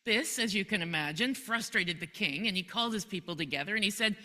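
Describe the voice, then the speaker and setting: A woman's voice: medium pitch, fairly quick, hardly any pauses, bright, forceful tone. A woman pastor preaching a sermon, retelling a Bible story in a chatty, conversational way and chuckling often. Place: church. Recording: long hall reverb.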